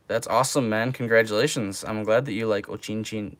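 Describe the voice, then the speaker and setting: A man's voice: lowish voice, steady tone, brisk, hardly any pauses, no echo. Laid-back young man streaming, dry sound. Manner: laid-back, drawls, says man and bro a lot. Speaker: livestreamer. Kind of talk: casual livestream chat.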